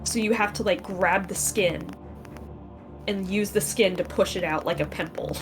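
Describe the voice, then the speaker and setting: A woman running a tabletop game as game master, slow and halting, thinking aloud. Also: mid-range voice, over music, rough recording.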